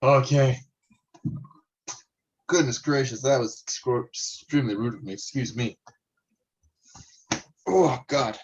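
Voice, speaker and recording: A man's voice: medium pitch, normal speed, pauses often. A man co-hosting a casual chat over a video call, talking in an easygoing, chatty way. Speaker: podcast co-host. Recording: dull video call audio.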